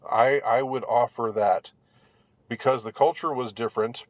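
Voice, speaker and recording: A man giving casual commentary on an article, rambling and halting with many restarts, in a wry tone. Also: mid-range voice, fairly even intonation, dry recording.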